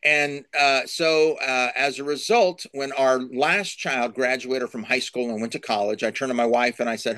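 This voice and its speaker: A middle-aged man answers interview questions like a preacher, stacking lists and repeating his main points for emphasis. His voice sits at a medium pitch, recorded dry and close with no room sound. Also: fairly even intonation, moderate pace, hardly any pauses, sharp tone, no echo. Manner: emphatic, repeats key phrases, builds lists. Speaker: Christian author and speaker.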